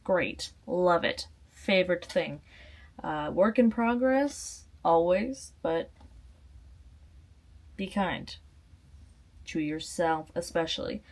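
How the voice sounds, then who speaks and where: A woman's voice: on the low side, expressive, slow pace, long pauses. A woman, rambling playfully through her vlog outro. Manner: playful, rambling, self-deprecating. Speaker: vlogger.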